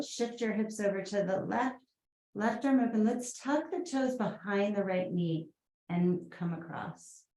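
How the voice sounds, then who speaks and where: A woman's voice: mid-range voice, a little mellow, reverberant, low-quality recording. A woman with a Boston accent teaching a guided yoga class, chatty, with rambling asides and fillers.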